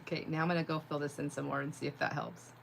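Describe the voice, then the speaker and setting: A woman's voice: low-pitched, little pitch movement, racing, vocal fry, slight background noise. A woman hosting a casual crafting livestream, chatting as she works, often laughing and answering viewers' comments. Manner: rambling and chatty, heavy on "like", laughs easily; reads viewer comments aloud and answers them.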